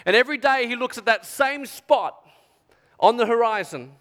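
A man preaching a sermon, telling a story with strong feeling, dropping to a hush and rising to near shouts. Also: extremely high pitch, lively intonation, normal speed, in a large hall. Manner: emotional storytelling, dramatic swings from hushed to shouting.

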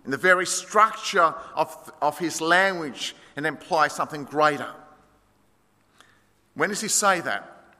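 A man preaching an expository sermon, storytelling with dramatic swings between loud and hushed delivery. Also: on the high side, lively intonation, a little slow, pauses often. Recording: long hall reverb.

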